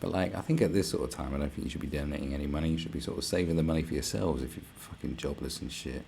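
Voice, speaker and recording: Low gravelly man ranting. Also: very fast, darkish tone, slight background noise. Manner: swearing, rambling and sarcastic, slips into mock voices. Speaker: vlogger. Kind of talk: casual rant to camera.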